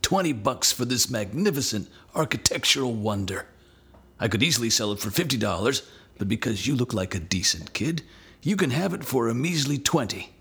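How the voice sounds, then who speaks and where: A man voicing a sly, smooth-talking con man who whispers a secret deal and flatters his mark. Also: medium pitch, moderate pace, exaggerated voice. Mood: wheedling. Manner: wheedling, conspiratorial sales patter.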